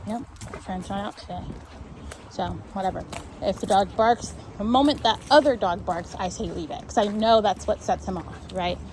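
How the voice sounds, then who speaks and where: A woman's voice: medium pitch, moderate pace, darkish tone, a little hiss or hum, low-quality recording. A woman dog trainer explaining a walk outdoors on a neighborhood street, often checking in with "right?".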